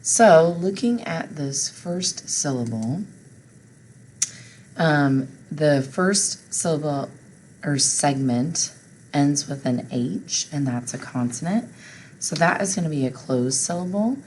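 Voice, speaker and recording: Low-voiced lady teacher, slow and patient, spelling words out for kids, bit of hiss behind. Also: animated, darkish tone, low-quality recording. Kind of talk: phonics spelling lesson for children.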